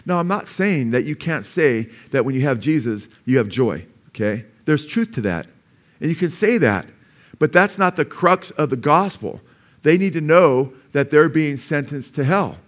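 A man's voice: on the high side, animated, moderate pace. Conversational American male pastor preaching. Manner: conversational storytelling, acts out quoted voices. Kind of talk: sermon. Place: church sanctuary.

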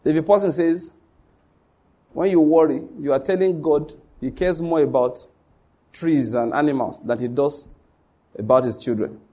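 A man's voice: a little high, normal speed, long pauses, dark tone, husky. A man with a Nigerian accent preaching a sermon to his congregation, emphatic and repetitive, speaking straight to the listeners. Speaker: pastor.

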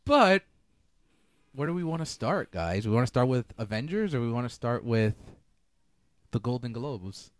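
A man hosting a casual podcast, talking in an animated, rambling way with many restarts. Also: medium pitch, normal speed, pauses often, dry recording. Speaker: podcast host.

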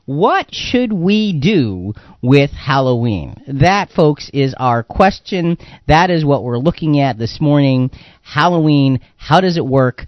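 Rambling male radio host, slightly high. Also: lively intonation, takes it slowly, no room sound, dull audio. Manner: rambling, repeats words, many fillers. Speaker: radio talk show host. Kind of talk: casual Christian radio discussion.

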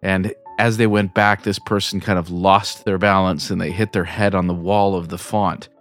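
A man hosting a podcast, wrapping up the episode in a relaxed, wry way. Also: low-pitched, moderate pace, faint music behind. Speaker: podcast host. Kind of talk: casual podcast chat and narration.

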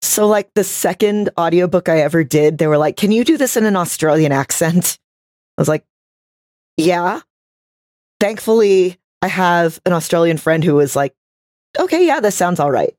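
A woman's voice: on the low side, moderate pace, darkish tone, no echo, studio quality. A woman with a Texas accent, a voice actor co-hosting a fan podcast in casual chat. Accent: Texan.

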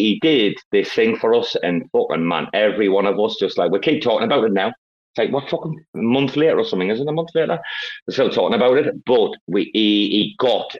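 A man's voice: on the low side, lo-fi sound. A man hosting a casual online chat, boisterous and rambling, with heavy swearing. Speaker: host.

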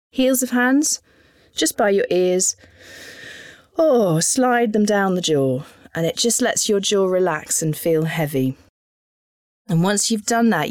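A woman, calmly guiding listeners through voice warm-up exercises as a voice coach and demonstrating the sounds herself. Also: fairly low pitch, dry recording, studio quality. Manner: calm, instructive, demonstrating sounds.

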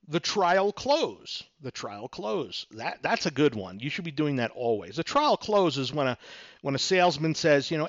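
A man's voice: on the high side, very animated, normal speed, no echo, muffled recording. A middle-aged man hosting a solo podcast, explaining negotiation tactics and acting out both sides of the dialogues in a conversational way. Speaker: podcast host, real estate attorney.

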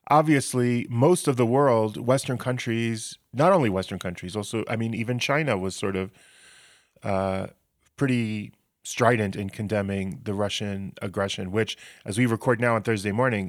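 A man's voice: lowish voice, moderate pace, dry recording, studio quality. A man hosting a podcast in a casual, chatty way, telling stories with frequent restarts. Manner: chatty, storytelling, many restarts. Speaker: podcast host.

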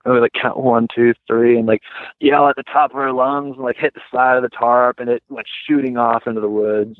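A man talking as a guest, telling a story casually with many "like"s and lively retellings. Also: mid-range voice, fairly quick, no room sound. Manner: heavy use of "like", lively retelling. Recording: tinny phone line, dry.

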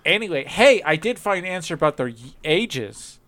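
A man's voice: on the high side, normal speed. A man in casual chat, rambling through ideas with many fillers and restarts, laughing often. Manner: laughs often, animated when joking.

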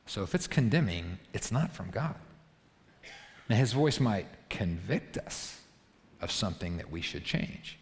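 A man's voice: fairly low pitch, vocal fry, in a large hall. A man preaching a sermon as pastor, emphatic and often checking in with "right?". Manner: emphatic, punctuates points with rhetorical "right?". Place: church auditorium.

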